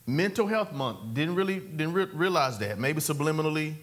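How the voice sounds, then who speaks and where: A male preacher with a notably high voice delivers a lively sermon. He swings from raised, excited calls to hushed, lower asides and keeps pulling responses from the congregation. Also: moderate pace.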